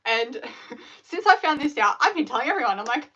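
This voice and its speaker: A woman, chatting on her live stream in an animated, rambling way full of fillers. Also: high voice, brisk, slightly rough, dull audio. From Australia. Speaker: scrunchie maker hosting a live stream. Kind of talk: casual live-stream chat.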